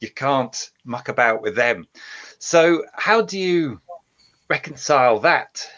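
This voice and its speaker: A man's voice: mid-range voice, lively intonation, slow, a bit bright, muffled recording. A man co-hosting a casual chat, asking thoughtful, probing questions. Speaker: co-host. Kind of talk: casual video-call chat.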